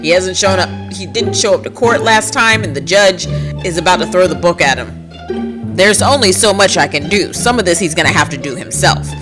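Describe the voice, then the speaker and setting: Voiced by a woman, this is a weary male lawyer from a life-sim game story. He talks in exasperated pleas, reminding everyone that he has done all he can. The voice sits low and even. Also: normal speed, over music, natural voice.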